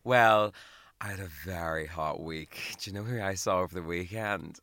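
A man's voice: sits low, normal speed, a bit bright, dry recording. A man co-hosting a podcast in casual chat, playful and teasing. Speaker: podcast co-host.

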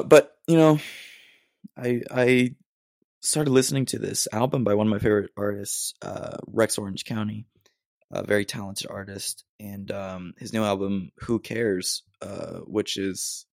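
A man's voice: lowish voice, moderate pace, creaky, no room sound, studio quality. A young American man hosting a casual solo podcast, rambling in a self-deprecating way with lots of ums and restarts. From United States. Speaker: podcast host.

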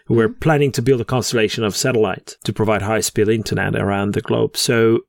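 A man's voice: on the low side, steady tone, a little fast, gravelly, no echo, studio quality. Chatty jokey male podcast host. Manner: chatty, jokey, laughs at own puns. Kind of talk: casual chat.

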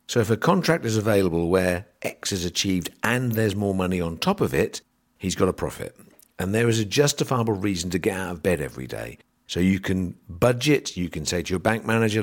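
Male podcast host, very low voice, dry sardonic explainer. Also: animated, brisk. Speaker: podcast host on grain marketing.

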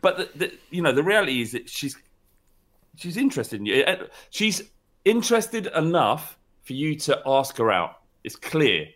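A man's voice: fairly high pitch, big pitch swings, moderate pace, a bit bright. A man co-hosting a casual podcast, rambling and hesitant, with casual swearing. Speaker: podcast co-host.

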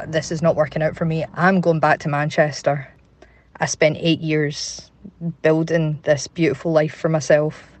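A man's voice: on the high side, slight background noise. A man with a Glasgow accent calling in with a chatty, candid voice message, recorded on a phone. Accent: Scottish, Glasgow. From Scotland. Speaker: caller. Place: in a parked car outdoors.

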